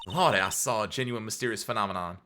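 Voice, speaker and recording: A man's voice: lowish voice, fast, background noise, natural voice. A man putting on a folksy Southern gal. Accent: put-on American Southern. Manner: folksy, blunt, nosy. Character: brash young woman photographer with southern drawl. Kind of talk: reading game dialogue aloud.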